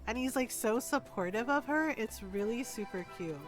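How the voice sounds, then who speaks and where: A woman with a fairly high voice talks through a game stream in a loose, chatty way, leaning on sarcasm and tossing in "like" and "right?" constantly. Soft game music plays faintly underneath. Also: expressive, normal speed. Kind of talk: casual game-stream commentary.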